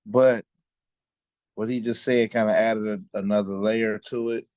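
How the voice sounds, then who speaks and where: A man who runs his own business, talking casually in a group discussion with a relaxed, informal manner. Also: fairly low pitch, dry recording. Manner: relaxed, informal, frequent fillers. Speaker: business owner participant.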